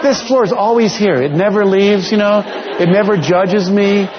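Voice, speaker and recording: A man's voice: high-pitched, moderate pace, a crowd in the background, pitched above the performer's own voice, close to an everyday voice. A man voicing a cheerful woman who delights in a solid floor, speaking in a raised, giddy way. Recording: dull lo-fi sound with long hall reverb.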